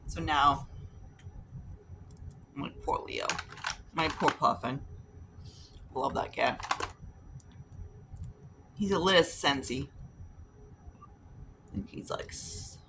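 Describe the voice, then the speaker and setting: A woman's voice: sits low, slow, pauses often, background noise. A woman vlogging while doing her makeup, rambling casually through stories and acting out what others said. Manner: rambling, chatty, acts out quoted voices, swears casually. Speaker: beauty vlogger.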